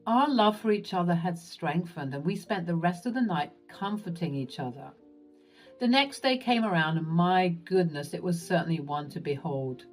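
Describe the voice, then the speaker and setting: A woman narrating a first-person story in an expressive, lively way. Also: lowish voice, moderate pace, soft background music.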